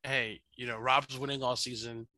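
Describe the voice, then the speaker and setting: A man's voice: medium pitch, level tone, normal speed, pushed and bright, dry recording, poor audio. A man co-hosting a sports podcast, trading playful banter in a casual chat. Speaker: podcast co-host.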